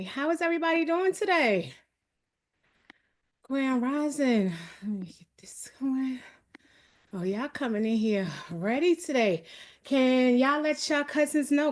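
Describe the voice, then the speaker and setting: A woman from New York with a New York accent, hosting a live motivational accountability call with fast, energetic, hype-building talk that keeps calling out to her audience. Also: high voice. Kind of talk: live online motivational coaching.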